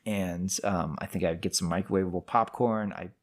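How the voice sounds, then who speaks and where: A man in his forties co-hosting a film podcast, talking in a casual chat and telling stories with animated energy and frequent restarts. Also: sits low, brisk. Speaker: podcast co-host.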